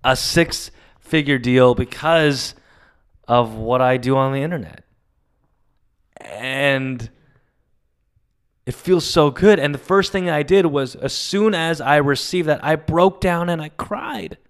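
A man's voice: a little high, a little slow, long pauses. A man hosting a solo podcast, talking in an emotional, confessional and rambling way. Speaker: podcast host. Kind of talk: casual solo podcast monologue.

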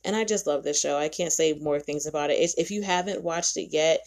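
Chatty woman podcast host, low voice. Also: fairly quick, vocal fry. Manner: chatty, animated, opinionated. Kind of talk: casual chat.

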